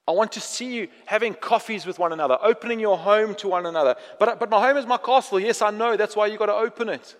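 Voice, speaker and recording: A male pastor preaching a sermon in an animated way, acting out prayers and then dropping to a quiet, intense tone. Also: sits high, quick pace, hardly any pauses, big-room sound.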